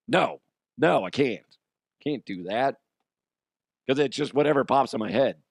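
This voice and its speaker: A man hosting a comedy news show with a hoarse, strained voice, talking in a profane, self-mocking monologue. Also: mid-range voice, animated, normal speed, pauses often, no echo, clean studio sound.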